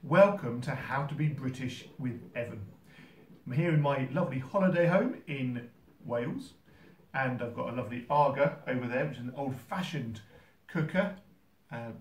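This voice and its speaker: A man hosting a how-to video from a holiday home kitchen, talking in a dry, mock-serious, gently teasing way. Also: medium pitch, normal speed, echoey room, recorded from a distance. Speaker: host. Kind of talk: deadpan comic how-to video.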